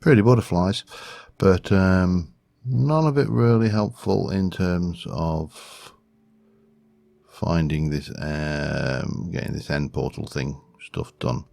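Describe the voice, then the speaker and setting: A man's voice: deep voice, slow, creaky, darkish tone, no echo. A man giving rambling, self-deprecating casual commentary over a game. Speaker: gaming video host.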